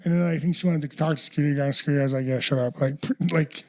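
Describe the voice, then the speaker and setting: A man tells a story at a rapid clip, playing out each person's lines as he goes and swearing casually. His voice sits a little high for a man but has a soft, mellow tone. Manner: animated anecdote teller, acts out quotes, swears freely. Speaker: podcast co-host.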